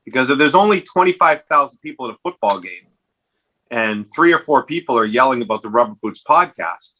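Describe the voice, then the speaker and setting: Animated man telling a story. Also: fairly quick, rough recording. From Canada. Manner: animated storyteller, jumps up in pitch when acting out quotes. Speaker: podcast host. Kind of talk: casual chat.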